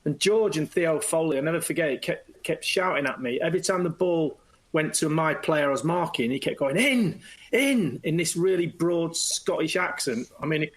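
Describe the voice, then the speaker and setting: A middle-aged man, a former footballer, telling anecdotes as a guest in a lively way and slipping into quoted voices. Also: a little high, normal speed, poor audio. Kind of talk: anecdotal storytelling.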